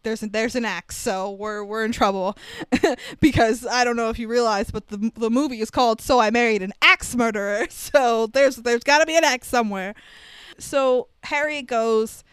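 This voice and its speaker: A young woman casually recapping a film on a podcast, animated and full of "like" fillers. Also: a little high, moderate pace, clear, resonant tone, no room sound. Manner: chatty, animated storytelling with many "like" fillers and laughs. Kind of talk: casual chat.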